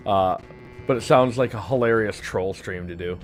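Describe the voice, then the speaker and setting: Young man, lisp, low voice, rambling game-stream chat, faint music behind. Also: moderate pace. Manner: rambling, joking, punning, many fillers. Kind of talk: casual live-stream commentary.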